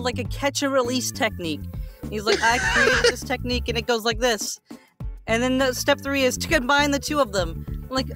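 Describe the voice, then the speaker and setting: A woman co-hosting a podcast in casual chat, animated, laughing often and swearing casually. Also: sits high. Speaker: podcast co-host.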